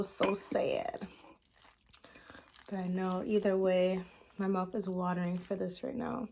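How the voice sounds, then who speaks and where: Woman, mukbang vlogger, casual chat to camera, drawn-out words, eating sounds, faint background noise. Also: medium pitch, flat delivery, darkish tone. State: ear clogged, hearing a little off.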